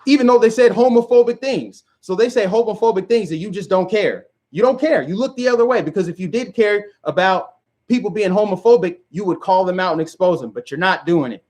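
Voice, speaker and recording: Brief: emphatic male commentator, high voice, hammers rhetorical questions. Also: lively intonation, fairly quick, darkish tone. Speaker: video commentator. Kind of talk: direct-to-camera rant.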